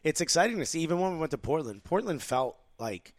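A man's voice: fairly high pitch, sing-song, fast, dry recording. A man from New Jersey co-hosting a podcast, blunt and heated in casual chat, swearing freely. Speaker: podcast co-host.

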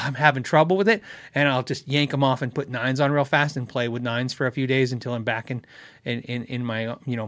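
A man's voice: on the high side, fairly bright tone, dry recording, studio quality. A man hosting a casual live question-and-answer show, rambling, correcting himself and chuckling often. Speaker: host answering viewer questions.

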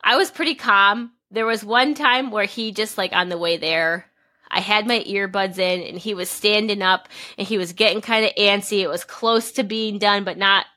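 A woman's voice: medium pitch, normal speed, bright, forceful tone. A young woman co-hosting a casual podcast chat, telling rambling anecdotes full of "like". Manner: rambling anecdotal storytelling, heavy use of "like". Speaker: podcast co-host.

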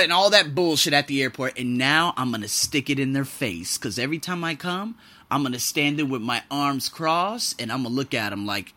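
A young man hosting a casual podcast monologue, animated and profane, swinging between loud bursts and low muttering. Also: fairly quick. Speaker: podcast host.

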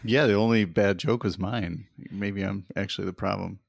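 A man's voice: on the low side, steady tone, normal speed, gravelly, no room sound, clean studio sound. A man co-hosting a podcast, laid-back and self-mocking in casual banter. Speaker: podcast co-host.

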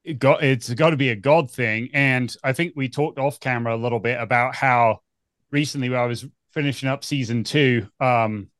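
Brief: male podcast host, mid-pitched voice, relaxed and conversational, close dry recording. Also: moderate pace, no room sound. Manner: relaxed, conversational, leading questions. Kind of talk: podcast interview.

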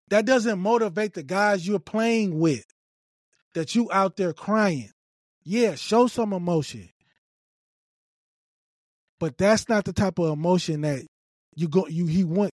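A man's voice: high-pitched, no echo, clean studio sound. A man giving emphatic, repetitive opinion commentary on a video clip, scolding and lecturing.

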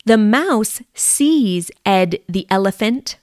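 A woman reading a simple story aloud for language learners, clear and deliberate. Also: medium pitch, lively intonation, a little mellow, no echo, clean studio sound.

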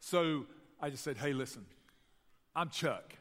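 A man with a Southern US accent from Tennessee, preaching a sermon and telling stories to his church in an animated way. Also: a little high, unhurried, long reverb tail. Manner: storytelling, animated, addresses the church directly. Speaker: pastor. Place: church sanctuary.

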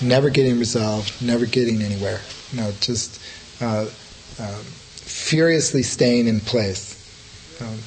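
A middle-aged Buddhist teacher gives an informal dharma talk, loose and rambling, full of restarts and "you know, like" fillers. His voice is mid-range, and the low-quality recording carries slight background noise.

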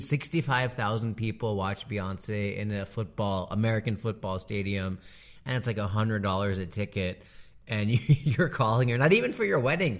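A man doing a casual comedic monologue, animated and slangy, laughing often as he riffs. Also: lowish voice.

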